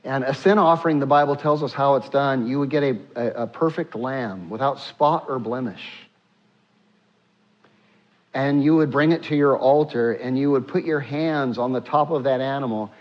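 Preaching man, slightly dull recording. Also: medium pitch. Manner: preaching with frequent filler sounds, acting out prayers in a hushed voice. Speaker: pastor. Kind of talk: sermon.

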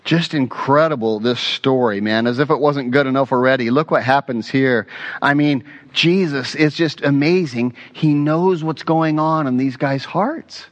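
A man preaching a sermon as pastor, telling stories in an earnest, animated way with casual asides. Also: mid-range voice, measured pace, highs cut off.

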